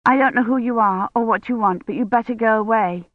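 A woman's voice: a little high, fairly quick, dry recording, narrow, tinny audio, pitched above the performer's own voice, lightly acted. A woman voicing a frightened, desperate young woman in an audiobook.

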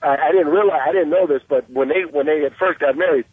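This radio caller is a middle-aged man with a fairly high, husky voice who talks fast. Brash and boastful, he tells a long story, his sound muffled by the phone line.

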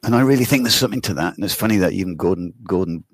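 Deep gravelly man rambling casually. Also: animated, very fast, slight background noise. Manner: rambling, swears casually, laughs often. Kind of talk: casual conversation.

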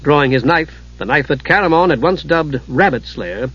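A man reading a fantasy novel aloud in measured, dramatic audiobook narration. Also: a little high, lively intonation, fairly bright tone, breathy edge. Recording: dull lo-fi recording.

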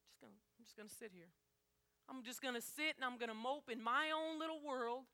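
A woman with a high, bright voice preaches a sermon. She talks straight to the congregation, emphatic and conversational, pressing hard on her key lines.

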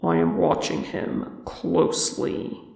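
A reader voicing a gruff, distrustful old dwarf king in a fan fiction audiobook, with a low, breathy growl. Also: takes it slowly, a little mellow, echoey room, lightly acted, low-quality recording.

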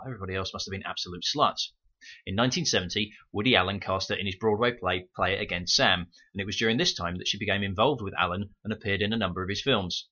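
This film podcast host is a British man whose voice sits on the low side and comes across bright and forceful. He reads scripted reviews peppered with wry sarcasm, captured through a muffled home mic.

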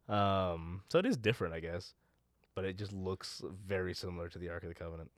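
A man casually recapping a show as podcast co-host, rambling with lots of laughter and quick silly voices. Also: low voice, dry recording, studio quality.

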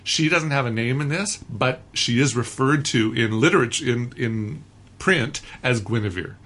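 A man's voice: mid-range voice, normal speed, fairly bright tone. A man reviewing a film on a radio chat show, blunt and dismissive, often laughing as he talks. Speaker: film critic guest.

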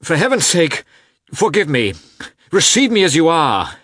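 A man's voice: on the high side, huge pitch swings, unhurried, a bit bright, dry recording, studio quality, voice pushed up, exaggerated voice. A man reading an audiobook, voicing a frantic young husband who pleads piteously with a doctor. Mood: pleading. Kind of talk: audiobook character voice.

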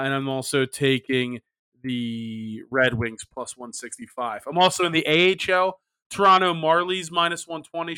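Man, podcast host, slightly high, crisp voice, reads odds in a list. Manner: runs the picks, quick laughs, reads odds in a flat list. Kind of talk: casual sports betting podcast chat.

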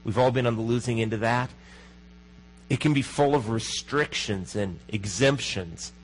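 A man preaching a sermon as pastor, in a conversational manner, often asking the congregation questions and dropping to a hushed voice for emphasis. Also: medium pitch, slight background noise, low-quality recording.

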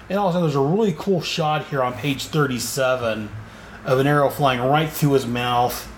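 At normal speed and medium pitch, a podcasting man meanders through a relaxed comic book summary, restarting and using fillers along the way. The echoey room has faint ambience, and there is a bit of hiss or hum.

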